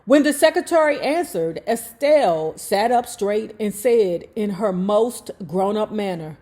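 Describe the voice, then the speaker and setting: A woman's voice: medium pitch, animated, a little slow, few pauses, mellow. A woman reading a memoir aloud to her viewers. She breaks off into chatty, slangy, profane asides. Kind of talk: reading aloud with casual commentary.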